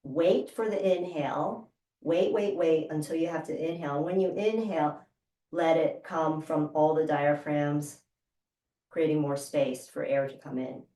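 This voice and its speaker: Low-voiced woman guiding breathing. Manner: slow, calm guiding cues. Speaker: breathing instructor. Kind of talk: guided breathing instruction. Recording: roomy sound from a distance.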